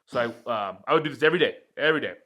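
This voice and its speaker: A young man co-hosting a podcast in casual chat, telling stories with animated, swearing acted-out quotes. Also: very fast, breathy edge. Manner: animated, acts out quotes with big jumps in pitch and swearing. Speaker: podcast co-host.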